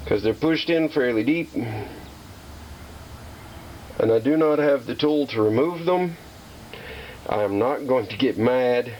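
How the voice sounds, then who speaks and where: Chatty man talking himself calm. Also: mid-range voice, a little hiss or hum, poor audio. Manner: talks himself down, repeating calming phrases in a singsong way; self-deprecating, chatty with viewers. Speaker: hobbyist restoring a slot machine. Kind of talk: casual workshop vlog.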